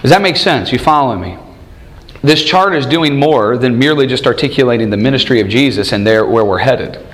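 Animated man leading a church class. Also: medium pitch, brisk. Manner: animated, asks many rhetorical questions; chuckles often while telling stories. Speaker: church study group leader.

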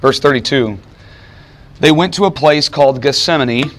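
A little hiss or hum sits under the medium-pitched voice of a man preaching a sermon. He teaches a Bible passage, posing emphatic rhetorical questions and slowing down on purpose to drive points home.

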